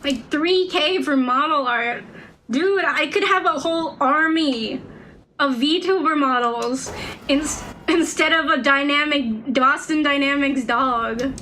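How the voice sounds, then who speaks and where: A woman's voice: high voice, takes it slowly, pushed and bright, a little hiss or hum, low-quality recording. A young woman streaming a game, chatting casually and rambling with lots of fillers and restarts. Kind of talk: casual gameplay stream chat.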